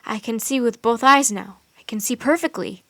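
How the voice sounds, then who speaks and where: A woman voicing an ancient male ice wizard, grief-stricken and raging, who roars and shouts his lines in a storybook reading. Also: on the high side, normal speed, dry recording. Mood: wondering. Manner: roaring and shouting.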